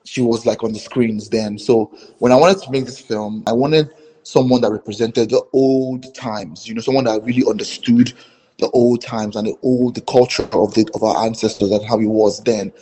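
A man's voice: medium pitch, fairly even intonation, moderate pace, dark tone, slightly rough, poor audio. Man talking loosely about his film. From Nigeria. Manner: rambling, many fillers and restarts. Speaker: filmmaker. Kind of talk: interview answers.

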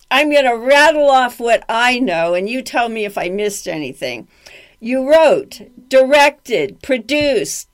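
A woman interviewing a filmmaker, asking measured questions and listing his credits. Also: high-pitched, fairly bright tone.

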